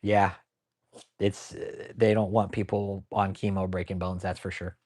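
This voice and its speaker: A man's voice: deep voice, little pitch movement, measured pace, darkish tone. A man hosting a casual commentary stream, talking bluntly and profanely in a rambling way and answering viewers by name. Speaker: channel host.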